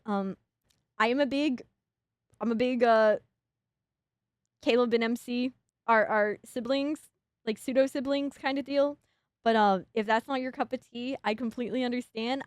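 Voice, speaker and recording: A woman's voice: on the high side, dry recording. A young adult woman streaming a game as a VTuber, chatting in a giddy, rambling way, full of restarts and laughs. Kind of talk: excited casual game stream chat.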